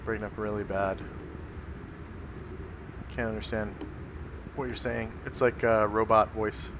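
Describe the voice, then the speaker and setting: A man's voice: on the low side, level tone, unhurried, noisy background. A man running a tabletop game as game master, speaking hesitantly with many fillers.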